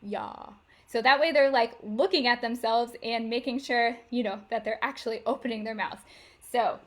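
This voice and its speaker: A choir director leading vocal warm-ups over a video call, coaching step by step with frequent cues to get ready. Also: female voice, on the high side, normal speed. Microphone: video call microphone. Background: piano she plays for the exercises.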